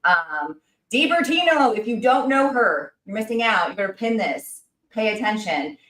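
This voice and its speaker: Woman, livestream host, excited, rambling, echoey room. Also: a little high. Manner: fast, excited, rambling with fillers. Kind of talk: casual chat.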